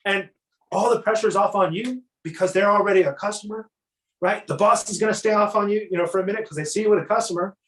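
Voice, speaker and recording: Energetic man coaching salespeople, echoey room. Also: high voice, fast. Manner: energetic, acts out customer dialogues. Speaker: sales trainer. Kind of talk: casual sales coaching talk.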